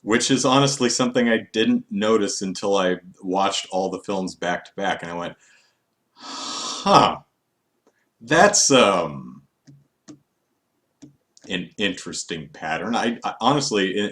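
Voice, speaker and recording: A man's voice: fairly low pitch, moderate pace, hardly any pauses. A man chatting casually on a live stream, rambling and wry with many fillers. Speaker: vlogger.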